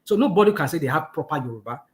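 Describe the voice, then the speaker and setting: A man's voice: a little high, animated, rapid-fire. A Nigerian man hosting a casual chat, explaining earnestly with many fillers. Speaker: host.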